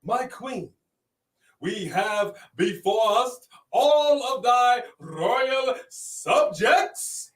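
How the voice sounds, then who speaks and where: A man's voice: very high-pitched, animated, drawn-out words, echoey room, recorded from a distance, voice pushed up, heavily acted. A man voicing a pompous king who grandly proclaims to his royal subjects. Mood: regal.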